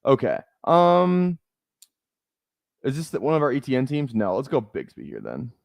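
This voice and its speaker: A young man from Minnesota riffing casually on a live stream. He rambles, restarts and jokes as he thinks aloud. The sound is dry and close to the microphone, at a middling pitch. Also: big pitch swings, normal speed, vocal fry, dry recording. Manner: rambling, joking, many fillers and restarts. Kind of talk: casual live-stream chat while drafting.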